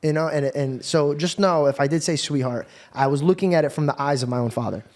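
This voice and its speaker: A man's voice: a little high, fast talker, darkish tone. A man hosting a conversation, telling a personal story in a casual, earnest way, with frequent swearing. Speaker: podcast host.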